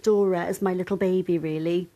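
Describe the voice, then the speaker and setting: Woman, interview, soft-spoken, candid, faint music behind. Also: fairly low pitch, fairly even intonation, brisk. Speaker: dog owner.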